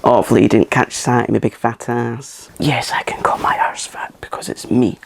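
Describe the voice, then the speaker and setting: A man hosting a makeup channel, talking softly through a tutorial in a chatty, self-mocking way and sometimes dropping into a whisper. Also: medium pitch, level tone, normal speed, creaky. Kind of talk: soft-spoken makeup tutorial.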